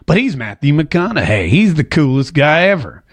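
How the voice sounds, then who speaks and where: A man hosting a casual political commentary show to camera, animated and jokey, slipping into a drawl when he quotes someone. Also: a little high, normal speed. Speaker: host. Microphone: talking to a camera.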